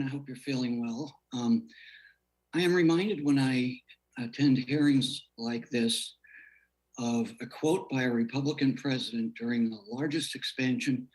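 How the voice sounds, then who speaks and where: Congressman questioning a witness, measured. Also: medium pitch, rough recording. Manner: measured, trailing off quietly at phrase ends. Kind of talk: hearing questioning.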